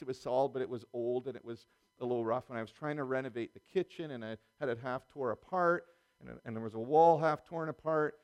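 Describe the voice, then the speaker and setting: A middle-aged man preaching a sermon in a conversational way, full of restarts and small chuckles. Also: medium pitch.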